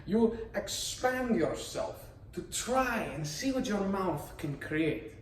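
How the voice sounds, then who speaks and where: A man explains how voice work is done, with a high-set voice that swoops widely as he plays up each point. He talks theatrically and teasingly, pitching questions at his listeners, and sounds a little distant in an echoey room. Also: lively intonation, slow pace, slight background noise. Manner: theatrical, playful, rhetorical questions. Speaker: voice performer. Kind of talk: explanatory monologue on voice acting.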